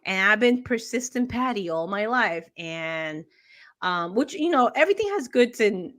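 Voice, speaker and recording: A woman co-hosts a relaxed morning talk show over a video call. She tells long personal stories in an animated way, often breaking into laughter. Her voice sits at a middling pitch. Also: moderate pace. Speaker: co-host. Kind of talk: casual morning show chat.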